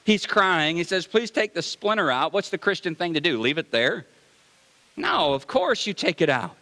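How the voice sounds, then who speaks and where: A bright, high-pitched male pastor preaching with lively, conversational energy. He keeps asking his congregation questions. His voice rings out through the long reverb of a church sanctuary. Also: normal speed. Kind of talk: sermon.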